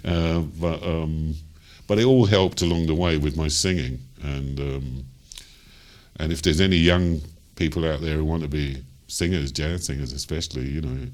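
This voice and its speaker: An older man with a Cockney accent and an extremely deep, low voice. He meanders through his memories with ums, you-knows and small chuckles, in the easy way of a seasoned jazz singer being interviewed. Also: moderate pace, a little mellow. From London, England. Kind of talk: interview storytelling.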